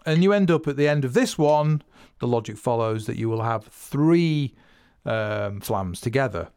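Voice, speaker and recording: A man's voice: medium pitch, animated, normal speed, a little mellow, clear, resonant tone. A man hosting a casual spoken drumming lesson, rambling and correcting himself as he explains. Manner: rambling, restarts phrases and self-corrects; counts beats and vocalizes drum patterns. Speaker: drum teacher and podcast host.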